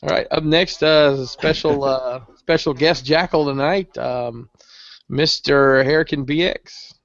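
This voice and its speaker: A man's voice: fairly high pitch, unhurried, gravelly, fairly bright tone, no echo, lo-fi sound. A man hosting a podcast, opening the show and introducing the guests in an upbeat, hyped-up way. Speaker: podcast host. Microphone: video call.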